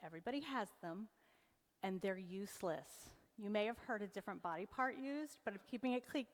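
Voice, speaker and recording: A woman's voice: medium pitch, animated, fairly quick. A woman in her forties giving a humorous motivational talk to a live audience, teasing and joking as she goes. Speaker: keynote presenter. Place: event hall on stage. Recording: long hall reverb.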